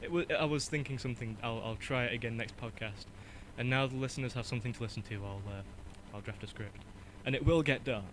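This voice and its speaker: A man's voice: mid-range voice, quick pace, few pauses, a bit bright, a little hiss or hum, poor audio. A man co-hosting a casual podcast, rambling and self-deprecating, laughing at his own jokes. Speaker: podcast co-host and intro guy.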